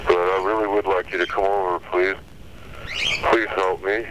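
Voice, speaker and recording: A man's voice: sits low, little pitch movement, normal speed, fairly bright tone, slight background noise, low-quality recording. A man leaving aggrieved, self-pitying, rambling messages on an answering machine.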